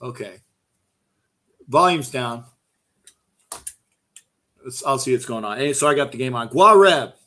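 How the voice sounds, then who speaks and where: A middle-aged man hosting a fan call-in show goes on a heated, profane rant, fired up and repeating himself often. His medium-pitched voice has a sharp tone, a measured pace and frequent pauses.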